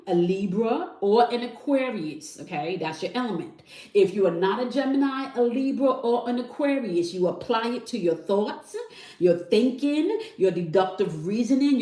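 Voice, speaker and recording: A woman's voice: medium pitch, a little mellow. Woman host ending every phrase with "okay?". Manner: repeats "okay?" after nearly every phrase. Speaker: tarot channel host. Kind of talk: spiritual teaching monologue. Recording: echoey room, somewhat far from mic.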